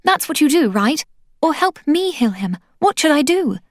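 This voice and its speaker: A woman's voice: sits high, big pitch swings, moderate pace, dry recording, studio quality, pitched above the performer's own voice. Woman doing a pleading, tearful young girl. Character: young girl pleading over a dying friend.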